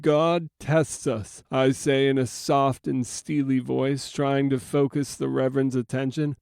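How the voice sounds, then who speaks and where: A man narrating a historical audiobook in the first person, with a measured, solemn reading style. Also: medium pitch, little pitch movement, gravelly, a little mellow, clear, resonant tone, dry recording, clean studio sound.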